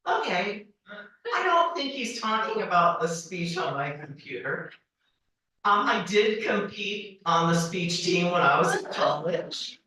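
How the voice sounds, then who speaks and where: A woman in her forties tells a funny personal story to a banquet crowd, with a lot of rise and fall in her voice and a bright tone. She speaks slowly and puts on high voices for the people she quotes. The sound is roomy, as if picked up from a distance in a large hall. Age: 40s. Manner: animated, acts out dialogue with high-pitched quoted voices. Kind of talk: humorous personal storytelling speech. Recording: echoey hall, voice from far off.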